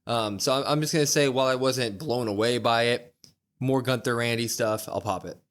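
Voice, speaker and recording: A man's voice: mid-range voice, fairly quick, a bit bright. A man co-hosting a podcast who retells a wrestling show in long, casual runs, often stopping on fillers. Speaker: podcast co-host. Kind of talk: casual wrestling recap chat.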